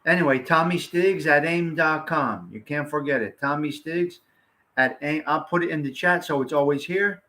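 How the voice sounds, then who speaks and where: A man's voice: fairly high pitch, moderate pace, sharp tone. A man hosting a casual livestream, chatting to viewers in a blunt, rambling way and swearing freely. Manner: blunt, rambling, salty-mouthed. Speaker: livestream host.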